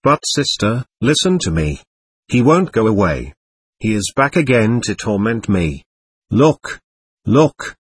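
A man's voice: lowish voice, sing-song, slow, slightly rough, no room sound, exaggerated voice. A man voicing a frightened young male patient who cries out in panic and pleads for help, in an audiobook reading. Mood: pleading. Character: terrified young male patient, haunted and delusional.

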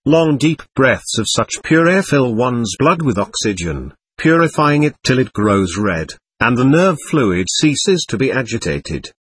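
Husky man reading a book aloud. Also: medium pitch, very animated, unhurried, few pauses, a bit bright, dry recording. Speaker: audiobook narrator. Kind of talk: scripted narration.

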